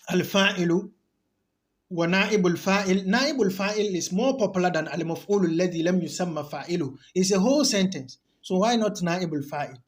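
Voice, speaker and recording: A man teaching an Arabic grammar lesson in English. He explains step by step, repeats key terms and asks rhetorical questions. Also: sits high.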